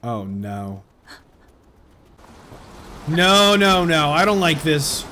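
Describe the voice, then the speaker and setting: Excitable joking man playing a game. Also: a little high, very slow, background noise. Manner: jokey, excitable reactions with sudden yelps. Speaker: gameplay commentator. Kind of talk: let's-play commentary.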